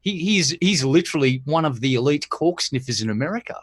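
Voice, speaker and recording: A man's voice: a little high, expressive, fairly quick, slightly rough. A man in a casual group video chat, wryly teasing a friend. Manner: wry, teasing storyteller.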